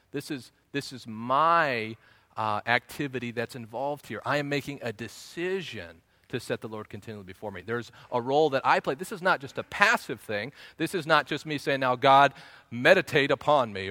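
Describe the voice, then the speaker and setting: A man's voice: medium pitch, sharp tone, no room sound. A male pastor teaching in an earnest sermon style, repeating key phrases and often restarting his sentences.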